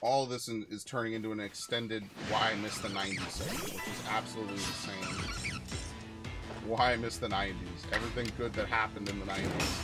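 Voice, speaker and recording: A man's voice: fairly low pitch, wildly swooping pitch, fairly quick, over loud music. A young man rambling casually over gameplay, chatty and swearing offhand. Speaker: gaming channel host.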